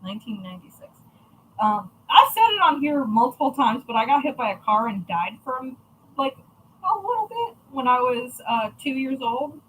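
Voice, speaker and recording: A young woman with a high, bright voice talks straight to her viewers in a loose, chatty way. She's blunt and swears freely. There's a faint hum of room ambience behind her. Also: sing-song, moderate pace, poor audio. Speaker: crafting channel host. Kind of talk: casual chat to viewers.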